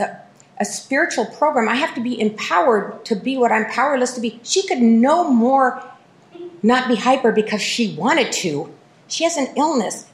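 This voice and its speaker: A middle-aged woman telling her recovery story at a meeting, self-mocking and lively, full of fillers and restarts. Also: high-pitched, echoey room, a little hiss or hum. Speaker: speaker sharing at a recovery meeting. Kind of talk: personal recovery testimony.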